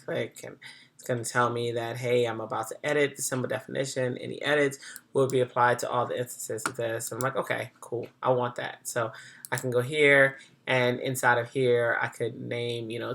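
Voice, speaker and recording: Chatty gravelly software tutor. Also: medium pitch, level tone, moderate pace. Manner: thinks aloud, chatty, self-correcting. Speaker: design instructor. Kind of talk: casual screen-recorded software tutorial.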